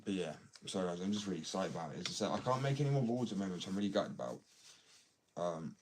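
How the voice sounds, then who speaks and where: A man chatting casually on a live stream from his workshop, rambling, excitable and quick to laugh at himself. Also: sits low. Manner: rambling, excitable, self-mocking. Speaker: skateboard maker live-streaming to chat. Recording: distant mic, faint noise.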